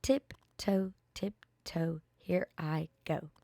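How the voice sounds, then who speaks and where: An older woman reading children's poems aloud in a slow, expressive way, with playful asides. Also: mid-range voice, no room sound.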